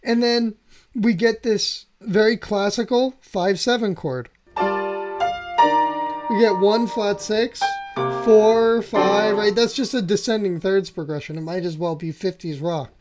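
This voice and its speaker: A man's voice: high-pitched, steady tone, unhurried. A man hosting a piano channel, walking through music theory with enthusiasm and often checking in with "right?". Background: faint piano playing.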